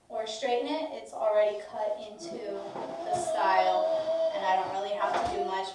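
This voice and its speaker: Chatty mom in a very echoey room. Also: female voice, on the high side. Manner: chatty, switches to sing-song baby talk with her toddler. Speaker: vlogger. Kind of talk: casual family vlog. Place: room at home, indoors. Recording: very echoey room, voice from a distance, faint noise.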